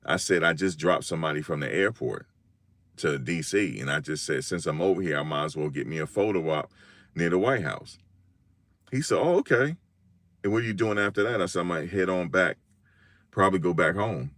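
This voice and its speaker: A man from Virginia hosts a casual live stream. His voice sits very low, and he talks in slang, acting out the lines of the people in his stories. The sound is dry and close. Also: a little fast, dry recording. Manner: animated slangy storytelling, acts out quotes.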